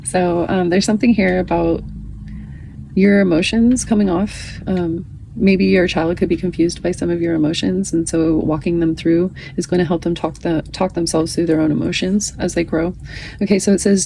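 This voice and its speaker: Casting: woman in her thirties, lower voice, relaxed chatty card reader, faint hiss behind. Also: moderate pace, vocal fry, rough recording. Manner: chatty, reads card text aloud, laughs often. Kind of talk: casual tarot reading.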